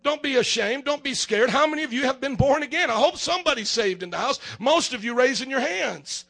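High gravelly-voiced male preacher. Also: animated, a little fast. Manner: emphatic, swings between shouting and quiet, asks the congregation questions. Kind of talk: sermon.

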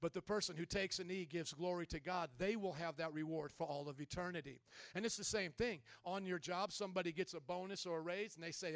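A male pastor preaching a sermon in a lively way, leading the congregation in call-and-response. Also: high-pitched, fairly quick, dry recording.

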